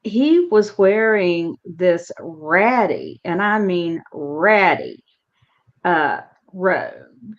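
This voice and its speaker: Slow-talking woman host, lo-fi. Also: fairly low pitch, lively intonation. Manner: chatty storyteller, unhurried. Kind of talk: casual chat. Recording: dull lo-fi sound.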